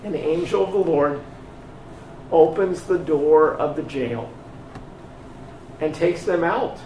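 A man delivers a sermon in a high, gravelly voice, taking his time and leaning on key words. He is recorded from some distance in an echoey room, with faint ambience behind him. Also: warm tone, slight background noise. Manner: slow, emphatic storytelling with voiced dialogue. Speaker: preacher. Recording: echoey room picked up from afar.

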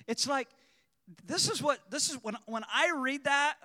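A male preacher with a smooth, resonant voice, pitched a little high, delivering a sermon. He moves from quiet teaching to loud exhortation. His voice rings with the long reverb of a church hall. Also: animated, a little slow. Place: church sanctuary.

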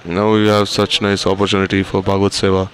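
Man, sermon translator, low voice, monotone, earnest, admonishing. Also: fast talker, crowd noise.

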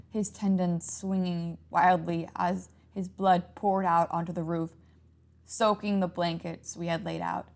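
Low, gravelly woman storyteller, hushed horror narration. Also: level tone, unhurried.

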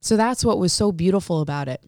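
Lively woman telling stories, acting out dialogue. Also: on the low side, fast, dry recording, studio quality. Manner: lively storyteller who acts out quoted dialogue. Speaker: hairstylist and salon owner, guest. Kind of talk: casual storytelling interview.

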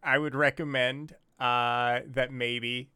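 A man's voice: mid-range voice, level tone, slow pace, bright, forceful tone, clean tone, dry recording, clean studio sound. A man playing in a tabletop game, casually describing his character's actions with fillers. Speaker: player. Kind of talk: tabletop role-play.

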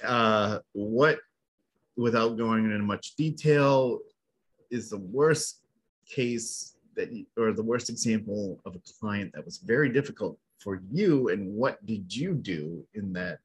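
A man's voice: lowish voice, expressive, unhurried, slightly rough. A man hosting an interview, asking hesitant, meandering questions full of fillers. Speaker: interview host. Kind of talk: conversational interview.

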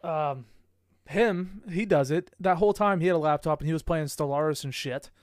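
A young man with a fairly high voice tells stories in a loose, profane podcast chat. He gets animated and laughs a lot. The recording is dry and close. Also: moderate pace, dry recording. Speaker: podcast co-host. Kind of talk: casual chat.

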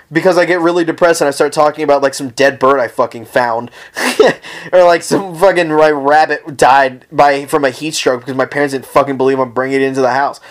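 Brief: profane, rambling solo podcast host, slightly high-pitched man. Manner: profane, rambling, comic ranting. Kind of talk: casual solo podcast rant. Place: at home, lying down.

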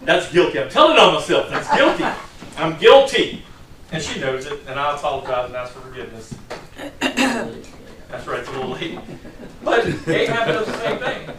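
A man's voice: fairly high pitch, big pitch swings, normal speed, long pauses, a bit bright, slight background noise. A middle-aged man preaching a sermon in a conversational, storytelling way, from a distant mic in a church hall.

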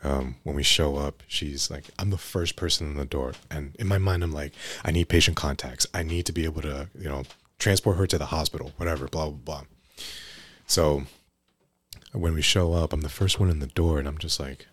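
A young man with a strikingly deep, low voice tells work stories on a podcast in a loose, rambling way. He keeps restarting his sentences and tacks "right?" onto them. The sound is dry and close, with no room echo. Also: steady tone, moderate pace, a bit bright, breathy edge. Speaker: guest EMT telling stories. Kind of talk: casual podcast storytelling.

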